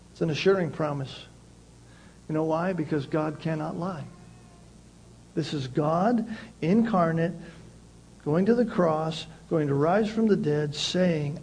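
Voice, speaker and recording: A male pastor preaching a sermon, emphatic and repeating key phrases, with swings between loud passages and quiet ones. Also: fairly high pitch, a little hiss or hum, rough recording.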